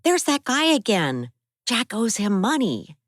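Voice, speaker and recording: A protective young woman with a raised, urgent voice. She sits noticeably higher than the low narration around her, and the reading is dry and close. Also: wildly swooping pitch, a little slow, no echo, exaggerated voice. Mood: earnest.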